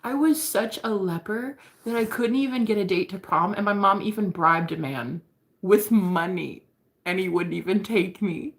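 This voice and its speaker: A woman with a creaky, gravelly edge to her voice talks candidly to camera in a loose confessional chat. She laughs often and drops the odd swear word. Her pitch sits in an ordinary middle range. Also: normal speed. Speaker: vlogger.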